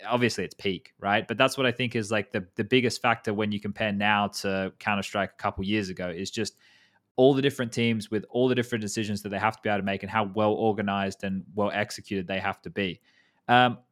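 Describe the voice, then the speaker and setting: A man's voice: fairly low pitch, a bit bright. A man in his thirties hosting a casual esports chat, rambling, swearing casually and restarting his sentences. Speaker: podcast host.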